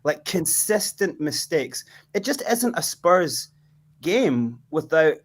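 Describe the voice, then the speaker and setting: A man talking as a fan guest on a video call, casual and energetic, laughing often. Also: a little high, slow pace. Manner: laughing, energetic, breaks into loud chant-singing. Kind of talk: casual chat.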